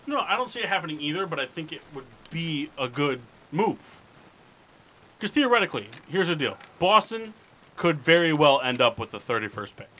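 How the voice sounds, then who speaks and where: A man co-hosting a live sports podcast, talking loud and crude in rowdy banter. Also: a little high, big pitch swings, moderate pace, a little hiss or hum, rough recording. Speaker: podcast co-host.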